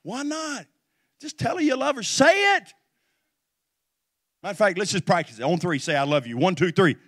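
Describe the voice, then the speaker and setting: A middle-aged man preaching as a pastor, his voice sitting high for a man. He moves from storytelling to loud, rousing exhortation with call-and-response. The sound is close and dry. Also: animated, a little fast, no room sound. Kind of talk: sermon.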